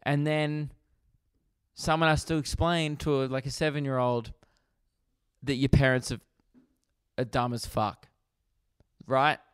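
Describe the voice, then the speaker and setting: Pausing often and keeping a measured pace, this Australian comic rants through a podcast monologue in an animated, exasperated and profane way. He has a smooth, resonant, medium-pitched voice, and the recording is close and dry with no room sound.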